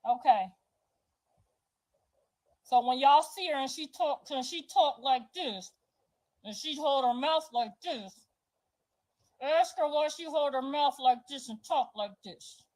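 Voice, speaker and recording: High-voiced woman in a profane rant. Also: expressive, slow pace, pauses often, darkish tone, rough recording. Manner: profane, confrontational, emphatic. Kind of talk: heated personal rant to viewers.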